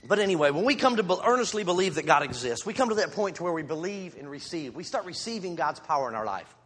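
A fast-talking lay preacher with a fairly high, sing-song, fairly bright voice gives an informal sermon in a church sanctuary. Using a handheld microphone, he is candid, jokes on the side, and laughs at himself, all under long hall reverb.

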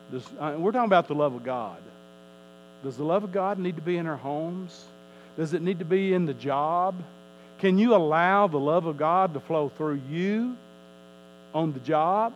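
Man, pastor, sermon, emphatic rise and fall, slightly high voice, faint mains hum. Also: lo-fi sound. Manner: emphatic preaching with rising and falling delivery, repeats words.

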